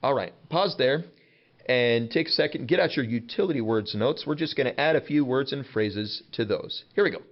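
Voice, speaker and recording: A man at a middle pitch, patiently walking young students through vocabulary in a relaxed teaching voice. He repeats each word and explains it in a casual, friendly way. The recording sounds a little dull and lo-fi. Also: normal speed. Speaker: Spanish teacher. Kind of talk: classroom vocabulary lesson.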